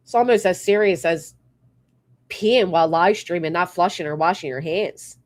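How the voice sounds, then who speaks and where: A woman's voice: fairly low pitch, normal speed. A woman livestreamer ranting bluntly with plenty of swearing, between thanking her members. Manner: blunt, profane, fired-up. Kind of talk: live stream rant and member shout-outs.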